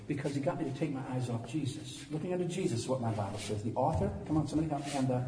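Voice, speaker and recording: A pastor in his sixties preaching an animated sermon that swings from quiet talk to loud preaching, recorded in a church. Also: medium pitch, rapid-fire, few pauses, background noise. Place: church sanctuary. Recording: echoey hall from far off.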